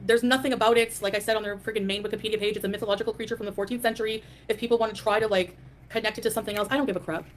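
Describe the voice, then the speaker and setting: A woman's voice: medium pitch, steady tone, very fast, a little hiss or hum. A woman hosting a live stream, ranting in a defiant, dismissive way and greeting chat viewers. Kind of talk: casual live stream rant.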